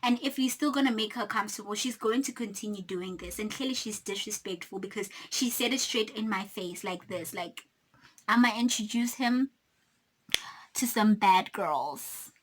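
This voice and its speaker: A South African woman in her twenties telling a storytime vlog, animated and indignant, often talking straight to her viewers. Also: medium pitch, moderate pace, a little hiss or hum, rough recording. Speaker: YouTuber.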